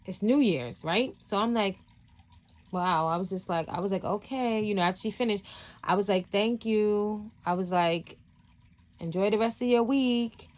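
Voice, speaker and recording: A woman's voice: mid-range voice, normal speed, darkish tone. A woman hosting a spiritual vlog, telling a story from work in a rambling, casual way with lots of fillers and restarts. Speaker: spiritual channel host.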